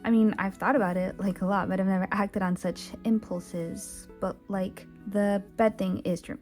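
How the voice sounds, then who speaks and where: A woman's voice: mid-range voice, steady tone, normal speed, darkish tone, faint music behind, natural voice. A woman voicing an awkward young boyfriend who talks nervously and overshares. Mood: rambling.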